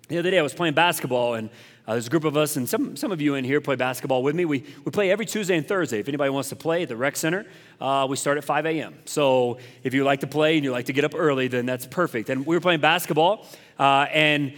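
A man's voice: on the high side, a bit bright. A male pastor giving a conversational sermon, candid and self-deprecating, repeating phrases for emphasis. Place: church. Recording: echoey hall reverb.

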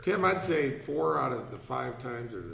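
A man's voice: medium pitch, lively intonation, moderate pace, vocal fry, reverberant, very noisy. A man asking teasing questions in a casual group chat. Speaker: interviewer.

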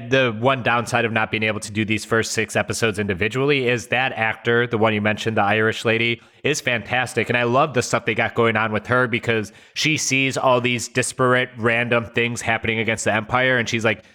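A man co-hosting a casual podcast, enthusiastic and full of ums and likes, slowing down to stress his points. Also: medium pitch, steady tone, pushed and bright. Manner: enthusiastic, filler-heavy, slows to stress points. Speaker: podcast co-host. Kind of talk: casual chat.

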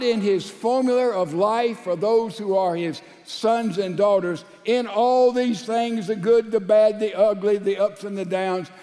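A male pastor with a high voice preaches slowly and deliberately, alternating loud, emphatic lines with soft, low asides. The long reverb of a large church hall rings through his sermon.

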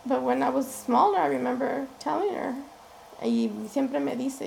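A woman's voice: high voice, moderate pace, vocal fry, darkish tone, a little hiss or hum, rough recording. A woman, an interview guest, candidly telling her own story and often quoting what people said. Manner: candid, frank, often quotes people in conversation. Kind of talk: personal storytelling.

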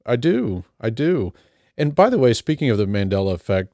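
A man's voice: medium pitch, animated, normal speed, darkish tone, no room sound, clean studio sound. A man co-hosting a casual chat, rambling and teasing with lots of fillers. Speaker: podcast co-host.

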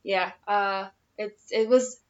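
A woman's voice: medium pitch, steady tone, slow pace, lo-fi sound. A woman in her twenties, a player and podcast co-host, chatting casually with many fillers and rambling asides. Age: 20s.

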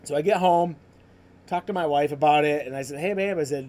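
Male podcast host, slightly higher voice, casual testimony storytelling. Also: fairly even intonation, a little fast, darkish tone. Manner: conversational, full of "like" and "you know" fillers. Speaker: podcast host sharing his ministry story.

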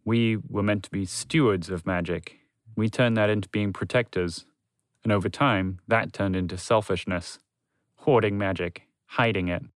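A man voicing a great male blue dragon who speaks softly and with grace in a storybook. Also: mid-range voice, sing-song, very slow, long pauses, no echo, clean studio sound. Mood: solemn. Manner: soft, grave, gracious.

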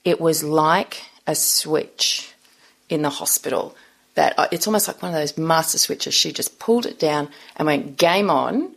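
A woman's voice: sits low, normal speed, vocal fry. A middle-aged woman, a podcast guest, telling a personal story in an earnest, reflective interview.

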